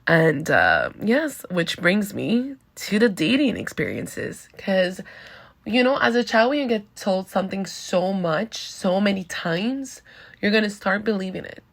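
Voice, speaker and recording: Candid woman host with a gravelly edge. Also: mid-range voice, big pitch swings, unhurried. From Venezuela. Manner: candid and chatty, heavy use of "like". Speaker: podcast host. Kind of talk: casual personal monologue.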